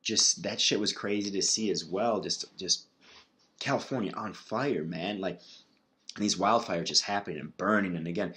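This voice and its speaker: A man with a very low voice talks alone on his podcast, swearing freely. He rambles and restarts his sentences as he works through his thoughts. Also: pushed and bright. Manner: rambling, profane, restarts often. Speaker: podcast host. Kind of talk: casual solo podcast monologue.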